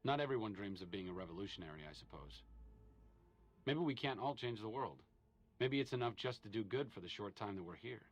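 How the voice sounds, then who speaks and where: An actor playing a thoughtful, soft-spoken male companion in a video game, speaking in a calm, measured way. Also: on the low side. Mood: reflective.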